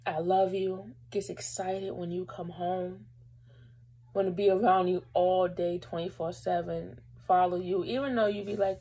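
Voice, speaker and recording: Speaking to camera, this young vlogger rambles through a personal story full of fillers, emotional and fighting back tears now and then. Her fairly low voice is dark and husky, delivered flat at a measured pace. It is a low-quality recording.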